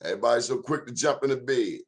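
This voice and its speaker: A man's voice: medium pitch, quick pace. A man hosting a talk show, giving a blunt, sermon-like monologue in plain, emphatic speech. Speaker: show host.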